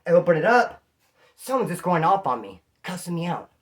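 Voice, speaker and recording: A man's voice: a little high, fairly quick. A man from California casually telling a story about his time in jail, talking in slang and acting out the voices of the people he quotes. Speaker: prison storyteller.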